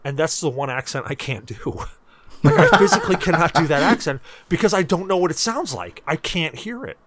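A man co-hosting a podcast, talking casually in long rambling runs. His pitch swings widely as he gets worked up, and he often doubles back on his own words. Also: fairly quick, noisy background. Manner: animated, rambling, repeats himself. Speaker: podcast co-host. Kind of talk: casual chat.

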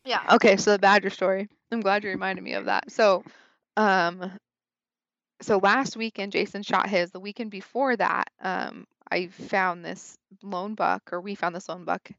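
A young woman telling a story in a casual, animated way, peppered with "like" and acting out her own thoughts. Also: mid-range voice, moderate pace, vocal fry, dry recording, highs cut off. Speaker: podcast guest, hunter.

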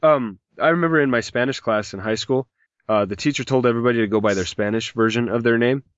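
A man's voice: mid-range voice, fast talker, clear, resonant tone, no echo. A man hosting a casual podcast, rambling and joking as he reads listener messages aloud, and he has a mild migraine. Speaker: podcast host. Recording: dull lo-fi podcast audio, dry.

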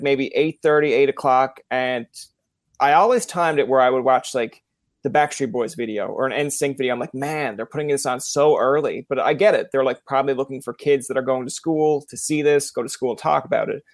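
A man with a Newfoundland accent hosts a relaxed interview chat, speaking at a middling pitch on a dry, close mic. He rambles through anecdotes and slips into other people's voices when he quotes them. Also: a little fast, no echo. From Newfoundland, Canada. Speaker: podcast host.

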